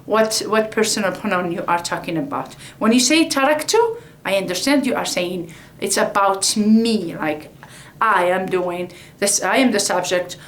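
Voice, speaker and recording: A woman teaching a language lesson, explaining slowly and repeating each word several times. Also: mid-range voice, far from the mic. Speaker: Arabic teacher. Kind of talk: slow classroom explanation at a board. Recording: echoey room, voice from off-mic.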